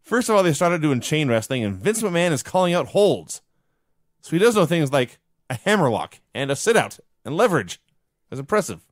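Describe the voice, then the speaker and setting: A man's voice: on the high side, big pitch swings, a little fast, dry recording, clean studio sound. A man co-hosting a podcast, recapping an old wrestling show in a wry, storytelling way. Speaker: podcast co-host. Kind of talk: casual wrestling recap chat.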